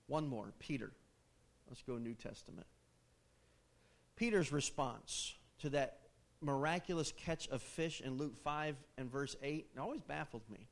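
A man preaching a sermon in an animated, conversational way, posing questions to his listeners. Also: mid-range voice, measured pace.

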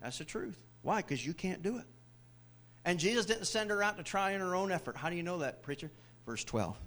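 A man preaching a sermon in church as pastor, swinging from loud declarations to hushed whispers. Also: a little high.

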